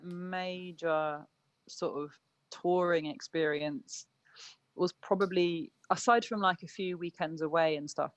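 A woman's voice: sits low, no room sound, dull audio. Chatty woman musician, dry sound. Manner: chatty, lots of "like" and "um", self-correcting. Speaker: guest, punk band musician. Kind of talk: casual interview chat.

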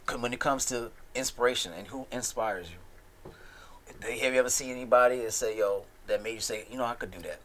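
A man's voice: mid-range voice, fairly quick, a bit bright, slight background noise. A man hosting a casual interview, laid-back and blunt, swearing casually. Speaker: podcast host.

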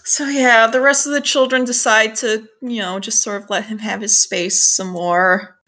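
A woman's voice: fairly high pitch, fairly even intonation, normal speed, sharp tone. A young woman in casual podcast chat, recapping an anime episode with lots of laughter and casual swearing. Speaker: podcast co-host.

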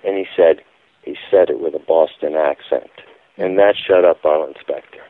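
A man's voice: rumbling low, normal speed. A man giving a phone-in radio interview, telling his account in an emphatic, insistent way. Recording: tinny phone line, dry.

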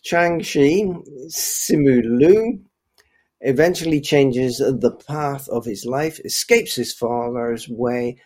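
A man co-hosting a film podcast, calmly summarizing a plot. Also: medium pitch, takes it slowly.

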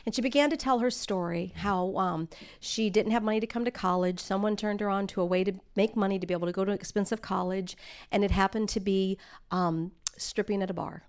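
A woman's voice: mid-range voice, steady tone, fast, a little mellow. A middle-aged woman giving a sermon, telling personal stories in an earnest way and building to emphatic exhortation. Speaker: speaker at a church.

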